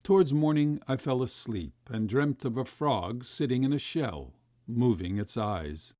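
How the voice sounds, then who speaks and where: A man reading a classic short story aloud as an audiobook narrator, with expressive storytelling. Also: unhurried, no room sound, studio quality. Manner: expressive storytelling, rising high for quoted voices.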